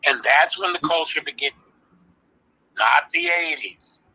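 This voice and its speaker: An older man, calmly and firmly explaining history as an interview guest. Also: on the high side, gravelly, slightly rough, poor audio. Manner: firm, measured, explaining insistently. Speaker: interview guest, early hip-hop practitioner. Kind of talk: live online interview.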